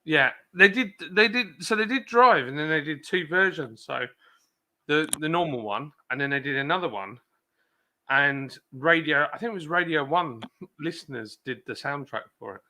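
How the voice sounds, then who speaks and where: A man's voice: a little high, expressive, moderate pace, sharp tone. A middle-aged man hosting a casual live chat, joking and rambling in a self-mocking way. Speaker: live stream host.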